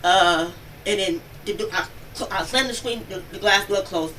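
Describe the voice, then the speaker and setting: A woman witness giving a rapid, breathless account of events to police at home. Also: medium pitch, bright, forceful tone. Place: home, near the kitchen. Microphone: police bodycam. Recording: distant bodycam audio with background noise.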